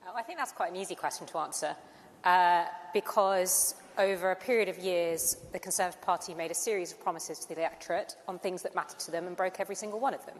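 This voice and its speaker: A woman speaking as a panel guest, brisk and assured as she lists her points. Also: on the low side. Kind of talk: conference panel discussion. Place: large conference hall. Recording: long hall reverb with faint background noise.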